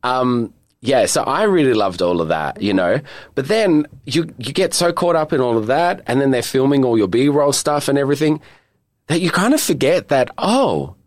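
An Australian man in his thirties, a guest in a casual chat, telling stories in a camp, joking, animated way. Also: mid-range voice, no echo. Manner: camp, animated storyteller, quick to joke.

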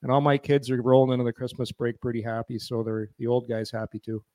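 A man's voice: mid-range voice, flat delivery, fast, a little mellow, no room sound, clean studio sound. A man in his fifties co-hosting a casual sports chat, rambling and restarting his sentences often. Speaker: podcast co-host.

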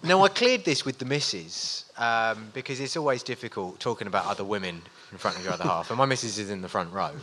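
A man's voice: on the low side, expressive, quick pace, few pauses, sharp tone, slight background noise. A man in his forties telling self-mocking, swearing anecdotes as a guest on a live stage show. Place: live stage in front of an audience.

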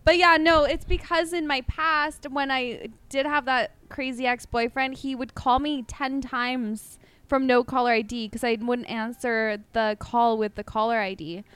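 A woman co-hosting a casual podcast, chatty and quick to laugh. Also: high-pitched, fairly even intonation, a bit bright, clean tone, no echo. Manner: giggly, chatty. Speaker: podcast co-host. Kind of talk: casual chat.

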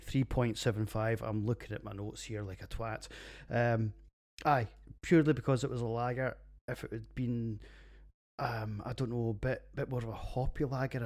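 Reviewing beers on his own podcast, this middle-aged Scottish host talks in a casual monologue that's sweary, jokey and blunt, like rough pub banter. His voice is mid-range and a little mellow.

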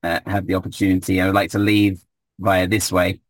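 Low-voiced man playing a tabletop game. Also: fairly quick, no echo. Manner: laughing, relaxed, filler-heavy. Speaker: player. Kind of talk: casual tabletop play.

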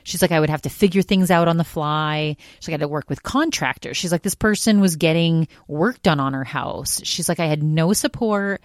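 Low-voiced woman hosting a chatty podcast. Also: fairly quick, hardly any pauses, no room sound, studio quality. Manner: chatty retelling, constantly quoting others with "she's like". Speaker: podcast host. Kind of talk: casual solo podcast recap.

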